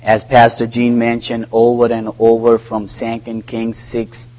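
A man delivering a sermon at a slow, measured pace. His phrasing is non-native and deliberate, and he lowers his voice when he recounts conversations. His pitch sits in an ordinary middle range. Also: monotone, darkish tone, rough recording. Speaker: preacher.

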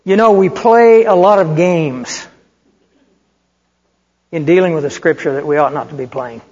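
An older man preaching a sermon, telling stories in an animated, conversational way. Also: fairly high pitch, measured pace, slightly rough. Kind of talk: sermon with storytelling. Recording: muffled hall recording with long reverb.

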